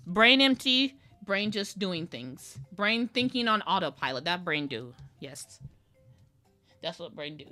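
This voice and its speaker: This woman's voice sits lowish but swings widely in pitch, unhurried, pushed and bright, over soft background music. It's a casual live-stream while she draws digitally, and she rambles playfully to herself about every step.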